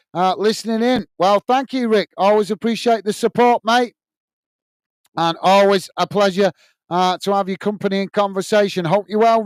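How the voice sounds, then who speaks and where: A man's voice: high-pitched, smooth, dry recording. A man hosting a live football watch-along, reading out viewer messages with friendly fillers and calling the play. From United Kingdom. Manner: excited goal call.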